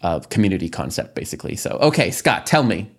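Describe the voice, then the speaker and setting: A man hosting a casual podcast talk, his voice on the low side. He chats freely, sprinkling in likes and little laughs. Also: big pitch swings, slightly rough. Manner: chatty, quick to laugh, filler-heavy. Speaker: podcast host. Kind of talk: casual discussion.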